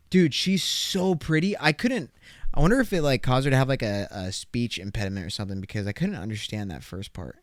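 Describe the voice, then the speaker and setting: Man, podcast host, lively swinging pitch, dry close sound, casual swearing banter. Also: moderate pace, dry recording. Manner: animated, swearing, acts out exaggerated imagined dialogue. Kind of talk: casual solo podcast, reacting to clips.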